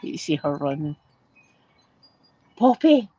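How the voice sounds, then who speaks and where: An older Scottish woman chats and tells stories in a cheeky, chatty way, catching her breath between phrases. Her voice sits at an ordinary pitch for a woman. The recording sounds a little dull and lo-fi. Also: lively intonation, unhurried, a little hiss or hum. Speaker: channel host. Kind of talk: casual chat.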